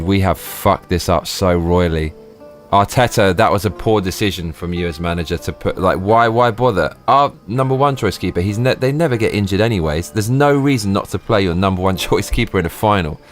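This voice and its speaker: A man live streaming, ranting and swearing in excited bursts. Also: low-pitched. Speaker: livestreamer.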